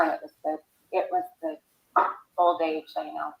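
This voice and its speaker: A woman recalling family events in a recorded interview, speaking haltingly. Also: low voice, sing-song, gravelly. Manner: halting, hesitant recollection. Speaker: interviewee, sister of the subject. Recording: echoey room.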